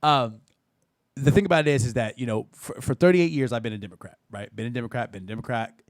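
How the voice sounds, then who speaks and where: A man in his thirties hosting a live call-in show, chatty and animated, swearing and laughing often. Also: medium pitch, fast talker, no echo, clean studio sound. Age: 30s. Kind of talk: casual live-stream talk.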